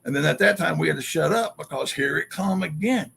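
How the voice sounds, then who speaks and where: A man telling an excited story as a guest, acting out quotes and sounds in an animated way. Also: a little high, brisk, gravelly, slightly rough.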